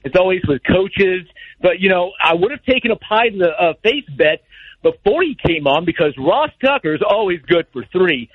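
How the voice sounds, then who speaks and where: A man calling into a radio show, ranting in an animated, exasperated way. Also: high voice, moderate pace, slightly rough, no room sound. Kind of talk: ranting call-in commentary. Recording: tinny phone line.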